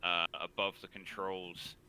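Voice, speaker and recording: A man running a tabletop game as game master, narrating the scene in a measured way with frequent pauses. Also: low voice, level tone, pushed and bright, clear, resonant tone, poor audio.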